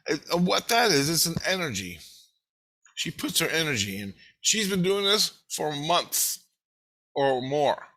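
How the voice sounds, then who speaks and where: A vlogger with a high voice and a slightly slow delivery spins a rambling story in a casual monologue. He's animated and profane, acting out the voices of the people he quotes.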